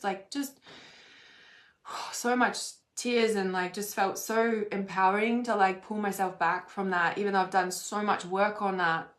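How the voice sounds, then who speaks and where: A woman of middle pitch recounts a personal experience in loose, rambling speech. She fills her sentences with "like" and swears freely. Her voice carries a roomy echo. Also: fairly bright tone. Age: adult. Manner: rambling, fillers like "like", frequent swearing. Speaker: spiritual vlogger. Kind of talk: casual personal storytelling.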